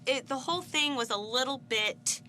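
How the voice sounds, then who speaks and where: A young adult woman giving a casual, opinionated film review, animated and indignant, her pitch leaping up when she gets worked up. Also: moderate pace, slight background noise. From Italian family background.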